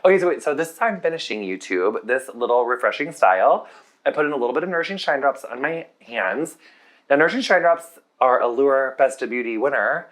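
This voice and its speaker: A man working as a hairdresser, chatting as he styles. He gushes, talking quickly and stuffing his sentences with fillers. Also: medium pitch, animated, fairly bright tone, low-quality recording. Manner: gushing, rapid, full of fillers. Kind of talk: casual chat while styling hair.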